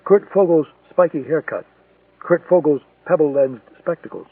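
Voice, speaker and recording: A man narrating a thriller audiobook in a steady, measured storytelling manner. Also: fairly high pitch, slightly rough, no echo. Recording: tinny, distant, dry lo-fi recording.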